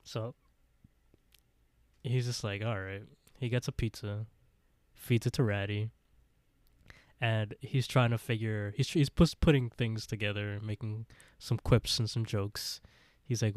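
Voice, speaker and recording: A man's voice: on the low side, fairly even intonation, a little slow, darkish tone, no echo, studio quality. A man co-hosting a podcast, casually retelling scenes with frequent laughs and quoted dialogue. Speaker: podcast co-host. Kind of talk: casual recap chat.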